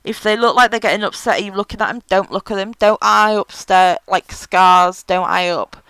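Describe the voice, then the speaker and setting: A woman's voice: mid-range voice, moderate pace, fairly bright tone, clear, resonant tone, no room sound, poor audio. A woman giving frank, chatty advice in a casual vlog, with many fillers. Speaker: vlogger.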